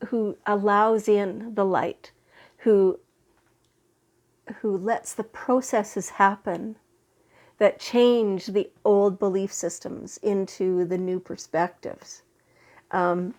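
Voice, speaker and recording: Slow, gentle woman giving a spiritual reading. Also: medium pitch. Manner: slow, gentle, reassuring with fillers and restarts. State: recovering from a head cold. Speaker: tarot and oracle card reader.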